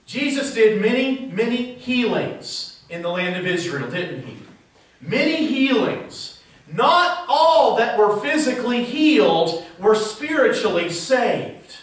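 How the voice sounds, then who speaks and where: A man's voice: very high voice, sing-song, slow pace. A male pastor preaching a sermon in a church, asking the congregation rhetorical questions. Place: church sanctuary. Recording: very echoey church heard from a distance.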